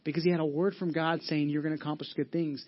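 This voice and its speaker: A man's voice: a little high, little pitch movement, quick pace, lo-fi sound. A male pastor giving a sermon in an earnest, conversational way, often restarting his sentences. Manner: earnest, conversational preaching with frequent restarts and fillers.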